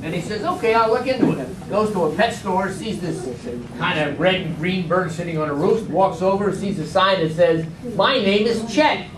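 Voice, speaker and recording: An older man telling a long joke to a club audience, animated and acting out the characters' voices. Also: sits high, normal speed, a crowd in the background. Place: large room at a club meeting. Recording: echoey hall from far off, faint noise.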